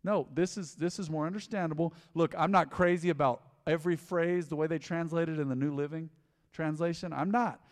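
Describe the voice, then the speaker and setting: A male pastor preaching a sermon in a church hall, animated and conversational, often repeating his points. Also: on the high side, brisk. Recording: long hall reverb.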